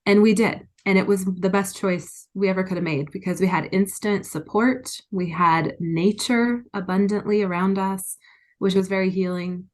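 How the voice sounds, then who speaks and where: A woman's voice: mid-range voice, steady tone, moderate pace. A middle-aged woman, an interview guest, telling her personal story in an earnest, frank and emotional way. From United States.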